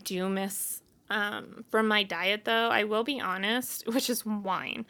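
A woman's voice: mid-range voice, steady tone, takes it slowly, bright, forceful tone. A woman hosting her own show, talking casually and bluntly, candid and exasperated as she vents. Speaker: podcast host. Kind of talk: casual solo venting.

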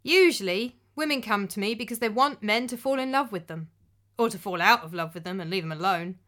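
A woman's voice: mid-range voice, brisk, a bit bright, close to an everyday voice. A woman voicing a shrewd middle-aged witch who speaks in a dry, knowing, matter-of-fact way with a surprisingly normal voice.

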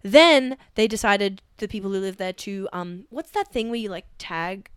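A woman co-hosting a comedy podcast, telling gossip in an animated way and acting out the people she quotes. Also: medium pitch, normal speed, clean tone, no room sound, studio quality. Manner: animated storyteller, acts out quoted voices. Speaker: podcast co-host. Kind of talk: casual comedic chat.

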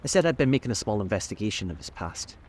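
A man reading the part of a brash, arrogant rich man who speaks roughly and with contempt. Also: on the low side, sing-song, racing, a little mellow. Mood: brusque.

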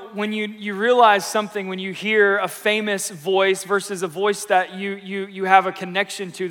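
High, bright-voiced preacher. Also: male voice. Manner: lively, playful, conversational preaching. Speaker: pastor. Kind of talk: sermon. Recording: echoey church hall.

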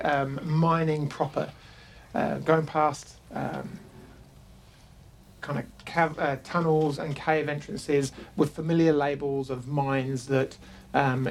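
Gravelly man narrating a tabletop game. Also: mid-range voice, slight background noise. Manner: halting, lots of fillers and restarts. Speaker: game master.

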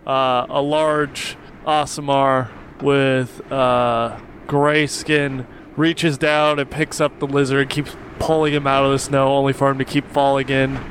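A man playing a tabletop game, describing his character hesitantly with many pauses. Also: medium pitch, little pitch movement, fairly bright tone, a little hiss or hum. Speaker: player.

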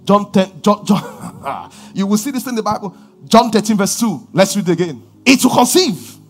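A man preaching a sermon, swinging from shouted lines to low murmurs as he reads and explains scripture. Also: very animated, moderate pace.

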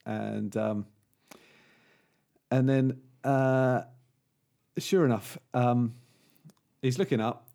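Creaky-voiced man in casual podcast chat. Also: on the low side, darkish tone. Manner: rambling, with many fillers and restarts. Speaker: podcast co-host. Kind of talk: casual chat and joke telling.

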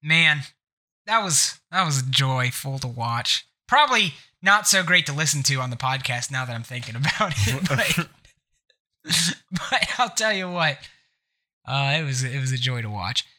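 A man hosting a live gaming podcast, telling bits in a playful, animated way. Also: mid-range voice, measured pace. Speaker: podcast host.

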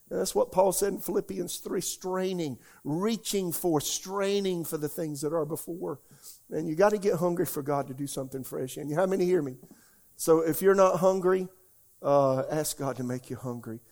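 A man's voice: sits high, creaky, darkish tone. An older man preaching a sermon as pastor, folksy and emotional, tearful at times, often repeating himself.

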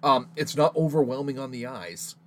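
A man's voice: mid-range voice, expressive, normal speed, fairly bright tone. A man co-hosting a casual podcast, talking films in an opinionated, profane way. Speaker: podcast co-host. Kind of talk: casual film discussion.

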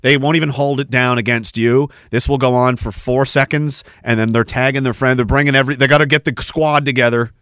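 A man's voice: medium pitch, fairly even intonation, fairly quick, few pauses, a bit bright, clear, resonant tone, no echo, clean studio sound. A man hosting a podcast, delivering a profane, rambling monologue rant. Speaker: podcast host. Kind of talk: ranting monologue.

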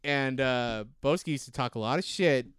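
A man with a smooth, clear voice and a medium pitch, talking on a casual podcast. He rambles and keeps correcting himself mid-sentence, and the sound is dry and close, with no room around it. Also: moderate pace, fairly bright tone, dry recording. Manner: rambling, self-correcting storyteller. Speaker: podcast co-host. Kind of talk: casual chat.

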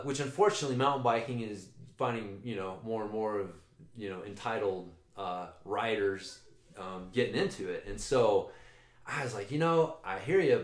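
Man, casual storytelling, cursing, restarts, lowish voice, roomy echo. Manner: rambling storytelling with swearing and many restarts. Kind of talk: casual chat.

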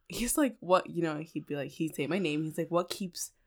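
A woman's voice: deep voice, a little fast. Young woman telling a story, lots of "like". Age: 20s. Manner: chatty, animated storytelling, peppered with "like" and swearing. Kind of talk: casual chat.

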